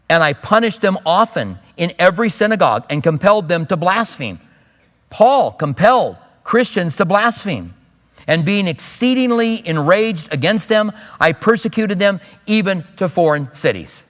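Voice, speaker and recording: A man's voice: fairly high pitch, fairly bright tone. A male pastor teaching a sermon, reading scripture aloud and commenting on it in a conversational way. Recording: long hall reverb.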